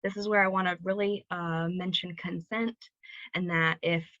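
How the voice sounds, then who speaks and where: A woman's voice: lowish voice, normal speed, no echo, dull audio. A woman giving a recorded library presentation, explaining ideas steadily and walking through examples. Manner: clear, steady teaching delivery with examples.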